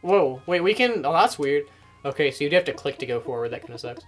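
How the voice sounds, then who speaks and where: A young man co-hosting a comedic let's play, joking in a mock-serious deadpan way. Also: on the high side, quick pace, soft background music. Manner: jokey, deadpan mock-serious, voices game characters. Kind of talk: casual joking game commentary.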